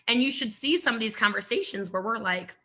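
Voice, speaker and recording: A woman's voice: fairly high pitch, animated, fairly quick, bright, forceful tone. A woman giving a motivational coaching talk on a live stream, emphatic, driving points home with repetition and rhetorical questions. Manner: emphatic, repeats lines for punch, rhetorical questions. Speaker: network marketing coach.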